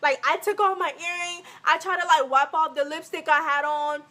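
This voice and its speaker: A woman's voice: high-pitched, normal speed. A young woman from Africa, a vlogger telling a storytime tale, acting out the quotes as she goes. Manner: animated, acts out every quote. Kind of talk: storytime vlog.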